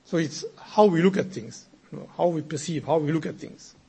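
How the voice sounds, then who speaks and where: A man preaches through a string of moral stories, his voice strongly husky and rough. It sits a little high for a man. He moves between hushed storytelling and raised, emphatic appeals. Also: brisk. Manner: moves from quiet narration to emphatic, raised exhortation. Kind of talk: storytelling sermon.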